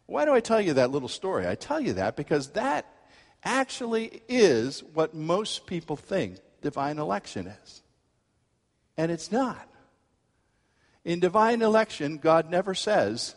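Animated male preacher in a reverberant hall. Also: a little high, moderate pace. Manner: animated storytelling, acts out quoted voices. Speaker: pastor. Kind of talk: sermon.

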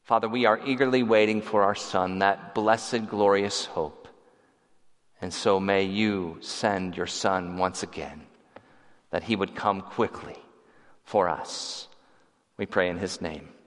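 A man's voice: deep voice, steady tone, takes it slowly, fairly bright tone. A male preacher delivering a sermon with rising, repeated emphatic phrases, then leading a closing prayer. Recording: reverberant hall.

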